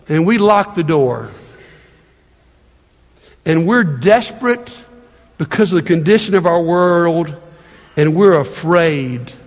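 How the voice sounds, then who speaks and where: A man's voice: high-pitched, long reverb tail. A man preaching a sermon as pastor, conversational and emphatic, repeating himself for stress.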